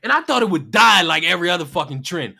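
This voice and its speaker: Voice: medium pitch, animated, fast talker, gravelly, sharp tone. A livestreamer ranting in heated commentary, profane and mocking, firing off rhetorical questions. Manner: mimics people in silly voices.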